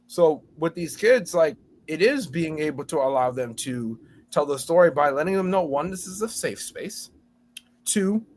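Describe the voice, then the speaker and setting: This high-voiced man appears as a lively podcast guest, speaking at normal speed. He's an educator who teaches storytelling in schools, and in this casual conversation he performs over-the-top impressions of kids and teachers.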